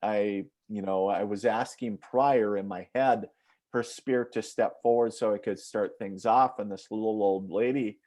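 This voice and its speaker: A man's voice: on the low side, steady tone, a little slow, a little mellow. A man from northern Minnesota, a psychic medium, telling rambling anecdotes as a guest in a casual interview. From northern Minnesota, USA. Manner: rambling, anecdotal, frequent fillers.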